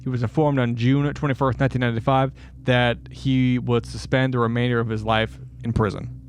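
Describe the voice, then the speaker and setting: A man's voice: mid-range voice, flat delivery, brisk, slight background noise. A man co-hosting a casual true-crime podcast, swearing freely, laughing and acting out quotes. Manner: profane, laughing, acts out quotes. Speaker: podcast co-host.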